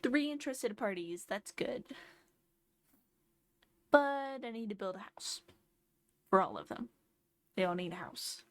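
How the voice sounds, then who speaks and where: Woman, streamer, sleepy, chatty, thinks aloud, mid pitch, dry close sound. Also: expressive, measured pace, long pauses, no echo. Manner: chatty, thinks aloud while playing, explains game tips. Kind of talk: casual gameplay commentary.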